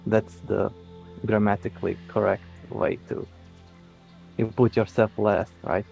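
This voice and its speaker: A man speaks as a player in a tabletop game, with a gravelly, creaky voice at a middle pitch. His remarks are offhand and joking. Faint music sits behind him. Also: flat delivery, unhurried, darkish tone. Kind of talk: casual tabletop game play.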